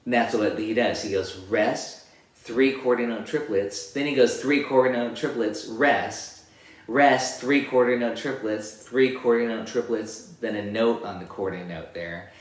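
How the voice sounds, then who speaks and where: A man giving a relaxed guitar lesson, explaining rhythms and singing them out as counted syllables. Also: mid-range voice, a little slow. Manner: counts beats and sings rhythms with "da, da" between explanations. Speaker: guitar teacher. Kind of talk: casual music lesson. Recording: echoey room with loud guitar playing. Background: his own guitar playing.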